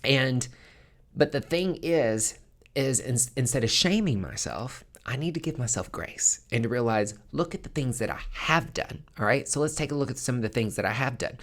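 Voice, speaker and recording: A man's voice: medium pitch, animated, normal speed, fairly bright tone. A man hosting a podcast, talking in a frank, casual monologue and swearing freely. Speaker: podcast host.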